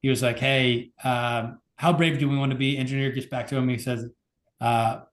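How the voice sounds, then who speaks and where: A man's voice: mid-range voice, fairly even intonation, normal speed, roomy sound. A man co-hosting a podcast, talking in a laid-back, casual way with lots of fillers. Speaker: podcast co-host. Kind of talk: casual chat.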